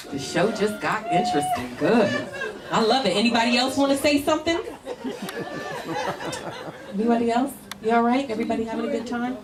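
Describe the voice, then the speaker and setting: A woman's voice: a little high, very animated, a little fast, long pauses. A woman from Northern Virginia doing stand-up comedy, teasing audience members in a brash, laughing way. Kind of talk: stand-up crowd work. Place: comedy show in a tent with a live audience. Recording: roomy live sound from a distant mic, crowd noise.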